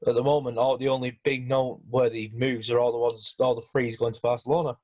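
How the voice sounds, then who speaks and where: A man talking football in a relaxed podcast chat, his voice sitting at an ordinary middle pitch. He hesitates often and restarts his sentences. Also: fast talker. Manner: hesitant, many fillers and restarts. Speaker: podcast host.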